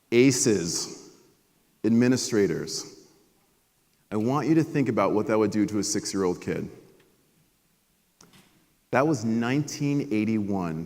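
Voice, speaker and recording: A man in his forties giving a motivational conference keynote, telling a personal story with emphatic pauses. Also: lowish voice, darkish tone. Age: 40s. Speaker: keynote speaker. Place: conference stage at a resort. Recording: long reverb of a conference hall.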